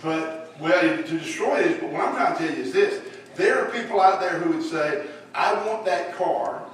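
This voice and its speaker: A man's voice: a little high, expressive, normal speed. A man teaching a church Bible lesson in a folksy way, putting questions to his class. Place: church room. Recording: echoey room, voice from far off, faint hiss.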